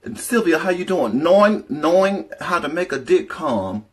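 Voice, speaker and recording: Man, slightly high voice, casual livestream storytelling, profane, rambling, greets chat viewers. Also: very animated, normal speed.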